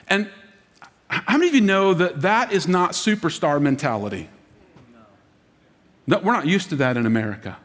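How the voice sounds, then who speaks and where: A man preaching as lead pastor, dramatic, dropping to a hush for emphasis and acting out quoted voices. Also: on the high side, big pitch swings, moderate pace. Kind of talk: sermon. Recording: long reverb of a large hall.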